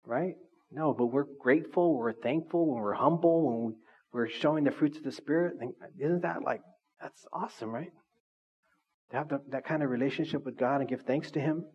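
A male pastor preaching a conversational sermon, animated and full of asides to the congregation. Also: mid-range voice, moderate pace, breathy edge, lo-fi sound.

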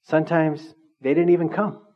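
A man's voice: on the high side, little pitch movement, normal speed. A middle-aged man preaching a conversational sermon and often asking the congregation questions. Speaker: pastor. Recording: slightly dull, lo-fi recording.

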